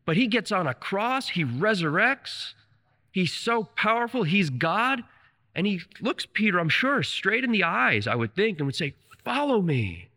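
A male preacher retells scripture with fervent storytelling energy. His voice sits fairly high and pushes with a forceful, edged brightness. The sound hangs in a long, echoey church hall. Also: big pitch swings, a little slow. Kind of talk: sermon.

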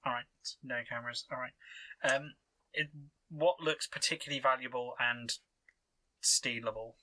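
A man's voice: mid-range voice, fairly even intonation, moderate pace, bright, forceful tone, low-quality recording. A man playing a tabletop game, chatting and planning his moves aloud. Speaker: player. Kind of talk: casual table chat.

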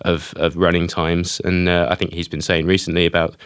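A man's voice: low voice, flat delivery, fairly quick, fairly bright tone, clear, resonant tone, no room sound, clean studio sound. A man hosting a film podcast in casual chat, hesitant and repeating words as he goes. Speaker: podcast host.

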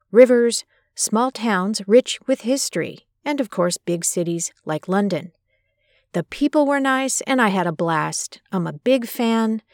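A woman hosting a podcast, reading a scripted narration and commentary in a measured, emphatic way. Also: medium pitch, no echo, clean studio sound. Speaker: podcast host. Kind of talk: scripted narration of a personal story and biblical commentary.

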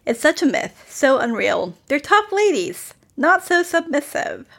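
A woman's voice: high voice, very animated, vocal fry, fairly bright tone. A woman co-hosting a podcast, chatting casually about a TV series and filling her talk with "like". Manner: chatty, many "like" fillers, quick laughs. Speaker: podcast co-host. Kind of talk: casual critical chat.

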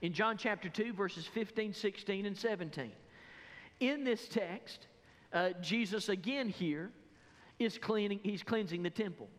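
A man preaching from the pulpit of a church, pressing his congregation with one rhetorical question after another. His voice sits high for a man and carries a lively, animated energy. The sound rings out with the long reverb of a large sanctuary. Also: unhurried. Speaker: pastor. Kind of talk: sermon.

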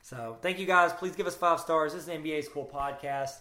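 Male podcast co-host, slightly high, joking rambler, echoey room. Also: fairly quick, pushed and bright, slight background noise. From New Jersey. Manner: joking, rambling, bursts of silly put-on voices. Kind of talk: casual sports podcast chat.

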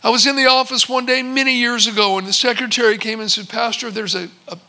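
A man's voice: extremely high pitch, little pitch movement, fast talker, bright, forceful tone. A man preaching a sermon as pastor, telling Bible stories and his own experiences with vivid retold dialogue. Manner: storytelling, acts out servants and a visitor in quotes.

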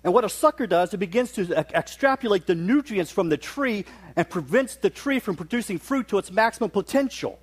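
A man's voice: high-pitched, animated, brisk, few pauses, husky. A middle-aged man from West Virginia, preaching a sermon in a folksy, storytelling manner with touches of humor.

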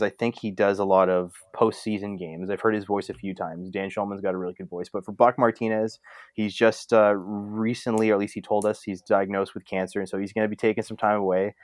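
This is a man, talking in a loose, rambling way full of "uh"s and restarts. His voice sits fairly low. The sound is dry and close, with no room around it. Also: no echo. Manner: rambling with many fillers and restarts. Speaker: podcast co-host. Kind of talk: casual sports chat.

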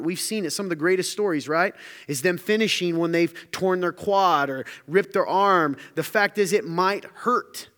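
Male pastor, energetic conversational sermon, slightly high voice, reverberant room. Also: normal speed. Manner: energetic, joking, conversational preaching.

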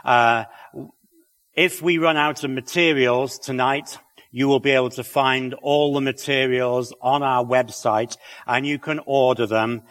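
A man's voice: mid-range voice, fairly bright tone, long reverb tail. A middle-aged man with a British accent and a slight lisp, giving a chatty talk to an audience with wry asides and many fillers. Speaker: creationist speaker.

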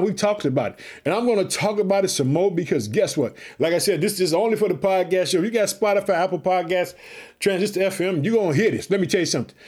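A man preaching an energetic podcast sermon, fervent and repetitive, calling his listeners family and shouting hallelujah. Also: high voice. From Chicago, United States. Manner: repeats catchphrases, calls listeners family.

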